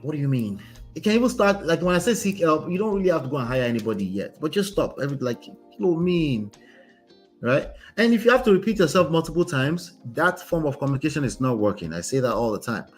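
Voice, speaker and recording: A man's voice: a little high, big pitch swings, fast talker, soft background music. A man, a relationship coach commenting on a story he reads aloud, speaking emphatically and ending many points with "right?". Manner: emphatic, tags lines with "right?".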